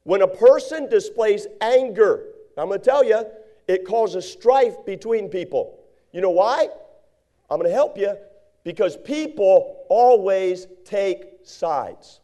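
A male preacher delivering a sermon, reading King James verses aloud. His voice sits high but sounds mellow and warm. He slips into quick impressions of the people he describes. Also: lively intonation.

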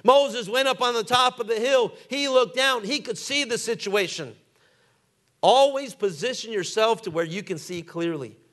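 A high-pitched male pastor delivering a sermon. He hammers his points with repetition, calls on the congregation to answer, and reads scripture aloud in old-fashioned phrasing. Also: moderate pace, a bit bright.

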